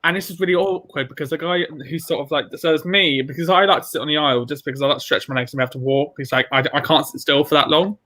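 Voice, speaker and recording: Fast-talking, bright-voiced man rambling. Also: a little high. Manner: rambling, fast anecdote with many fillers. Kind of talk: casual chat, storytelling.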